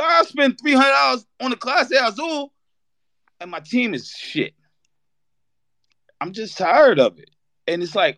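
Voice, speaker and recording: High-voiced male co-host, heated profane rant, dry close mic. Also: measured pace, pauses often, no room sound. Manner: animated, profane, shouts in bursts. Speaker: podcast co-host. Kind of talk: heated fan rant on a live audio show.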